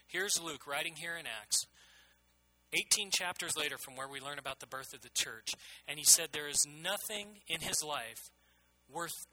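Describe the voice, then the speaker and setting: A man's voice: on the high side, sharp tone, low-quality recording. A middle-aged man preaching a sermon as pastor, earnest and emphatic, often repeating his phrases.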